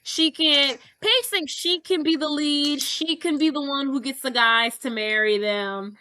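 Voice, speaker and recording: Woman podcast co-host, sassy casual recapper, bright and higher-pitched. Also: measured pace, slight background noise. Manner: acts out characters in quoted lines, sassy. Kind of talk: casual movie recap chat.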